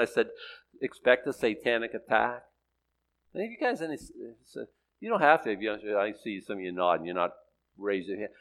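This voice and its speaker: A man's voice: medium pitch, fairly bright tone, poor audio. An older man teaching the Bible, reading scripture solemnly and then telling a story with many restarts. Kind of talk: sermon and storytelling.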